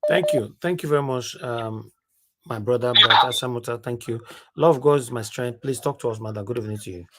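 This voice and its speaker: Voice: mid-range voice, fairly quick, noisy background. A talk show host takes calls one after another. The delivery is courteous and polite, with many thank-yous and invitations to speak. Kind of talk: call-in show hosting.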